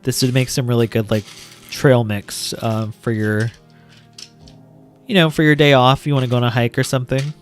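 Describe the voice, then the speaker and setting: A man's voice: mid-range voice, steady tone, normal speed, soft background music. A man hosting a casual LEGO building vlog, chatting playfully with self-mocking jokes and rambling asides. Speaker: LEGO building channel host.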